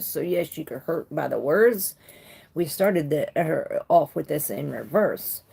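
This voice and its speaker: A woman's voice: deep voice, gravelly, dark tone, breathy edge. A woman doing a casual live tarot reading who talks loosely, swears freely and greets viewers by name. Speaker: tarot reader.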